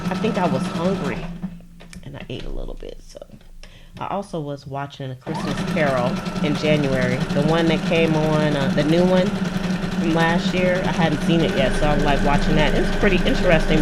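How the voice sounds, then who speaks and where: Chatty low-voiced woman, crafting vlogger talking to her viewers over a busy, noisy background. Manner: chatty, laughs often, talks to viewers as "y'all". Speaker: junk journal crafter. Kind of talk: casual crafting livestream chat. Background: sewing machine running.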